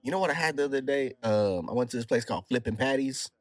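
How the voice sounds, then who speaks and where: A man's voice: mid-range voice, lively intonation, quick pace, dry recording, soft background music. A man hosting a casual podcast chat, laid-back and chatty, with a dry close mic. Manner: laid-back, chatty, says "bro" a lot. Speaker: podcast host.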